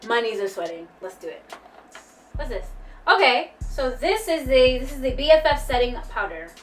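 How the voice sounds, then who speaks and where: Gushing woman vlogger, slightly high voice. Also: big pitch swings, normal speed, far from the mic, a little hiss or hum. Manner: gushing, swears casually, keeps exclaiming. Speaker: beauty vlogger. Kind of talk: excited unboxing chat.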